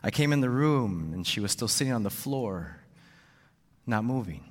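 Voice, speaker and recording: In a church, a male pastor with a fairly low voice and lively intonation preaches a sermon at normal speed. He often repeats words and tags sentences with "right?", and the recording carries the long reverb of a church hall.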